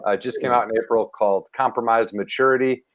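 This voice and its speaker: A man, a comedian guest on a video call, telling stories with hesitant, halting starts. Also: mid-range voice, fairly even intonation. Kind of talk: casual comedic chat.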